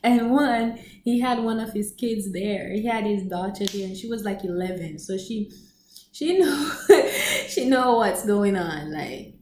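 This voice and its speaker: A woman telling a story in casual chat on her vlog, animated and laughing often, acting out quotes in a high voice. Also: measured pace, reverberant, poor audio. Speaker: storyteller vlogger.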